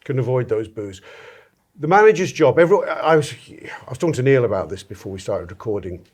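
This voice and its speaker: A man's voice: mid-range voice, very animated, brisk. A man hosting a casual football podcast, playful and jokey, often laughing as he talks. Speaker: podcast host.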